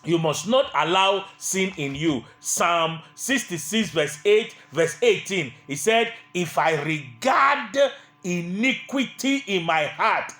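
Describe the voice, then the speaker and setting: A man's voice: high-pitched, expressive, takes it slowly, sharp tone, reverberant, faint music behind. A man preaching a sermon, emphatic and repetitive, sometimes mimicking the people he criticizes.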